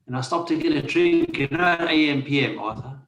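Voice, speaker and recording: A man's voice: a little high, brisk, a bit bright, echoey room, muffled recording, a little hiss or hum. A man in a casual study group telling a rambling, chatty anecdote.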